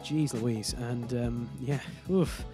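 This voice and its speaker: A man's voice: medium pitch, slow, over music. A man giving casual let's-play commentary over his hockey game, often exasperated and exclaiming at what happens. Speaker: gaming YouTuber.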